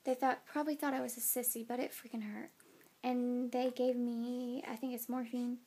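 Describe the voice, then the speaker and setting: A woman's voice: on the high side, little pitch movement, moderate pace, dark tone, slightly rough. A tired young woman and new mother recording a casual phone vlog, chatty with many fillers and yawning. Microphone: phone camera.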